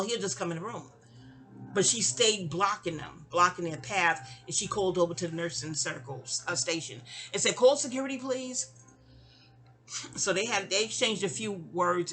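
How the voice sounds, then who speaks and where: A woman's voice: on the low side, pushed and bright. A young woman casually telling a personal story, chatty and digressive, often trailing off into asides. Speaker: audio diarist.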